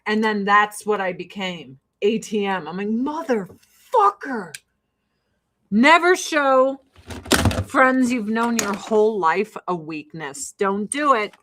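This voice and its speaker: A woman's voice: medium pitch, expressive, unhurried, background noise. A middle-aged woman chatting casually while doing her makeup, telling blunt, profane stories with frequent laughs. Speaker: vlogger. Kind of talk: casual get-ready-with-me chat.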